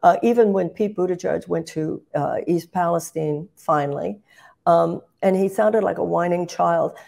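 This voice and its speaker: An older woman talking politics with passion and force. Her low voice has a gravelly, fry-edged grain. She keeps restarting phrases and lifting into emphatic bursts. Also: normal speed, mellow. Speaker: guest, political candidate. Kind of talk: impassioned political commentary.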